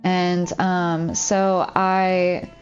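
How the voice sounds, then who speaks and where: Woman streamer rambling from home, lowish voice, kinda muffled lo-fi audio, faint music behind. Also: flat delivery, drawn-out words. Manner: rambling, heavy use of "like", open and confiding. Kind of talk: casual chat while streaming a game.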